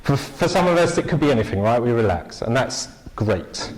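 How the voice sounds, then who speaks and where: A man's voice: medium pitch, animated, moderate pace, a little mellow, poor audio. A man preaching an informal, jokey church sermon, chatting with the congregation and asking them questions.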